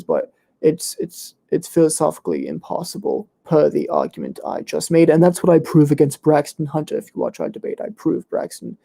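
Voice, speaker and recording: A man playing a smug, pompous young internet debater who is hoarse and losing his voice, rattling off fallacy names with complete self-assurance. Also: a little high, mellow. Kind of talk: comedic live Q&A role-play.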